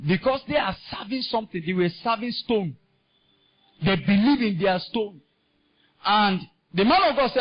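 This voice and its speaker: Nigerian pastor guy, high husky voice, fired-up sermon, muffled lo-fi sound. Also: expressive, moderate pace. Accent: Nigerian English. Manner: impassioned preaching that climbs into shouting. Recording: dull lo-fi sound.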